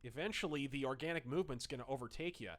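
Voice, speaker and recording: A man's voice: mid-range voice, fast talker, a bit bright. A man hosting a livestream, reading chat messages aloud and commenting in a snarky, profane, sarcastic way.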